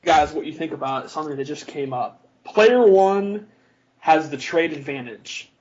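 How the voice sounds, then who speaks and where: A man's voice: fairly high pitch, a little slow, darkish tone. A man hosting a casual podcast, putting questions to the guests bluntly and emphatically. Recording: dull lo-fi recording.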